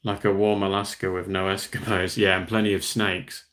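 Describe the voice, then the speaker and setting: Reading viewer comments and answering them, a young Western Australian livestream host keeps the chat relaxed. His low-pitched, a bit bright voice stays level at a moderate pace.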